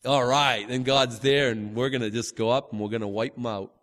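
A man's voice: mid-range voice, steady tone, brisk, a bit bright, in a large hall. A man teaching from the Bible in a loose, conversational way, stumbling over restarts and acting out the quotes. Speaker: preacher.

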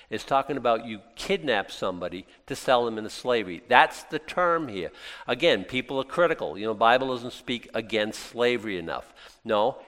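Male pastor, expository sermon, fervent, alternates hushed and exclamatory, lively pitch. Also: in a large hall.

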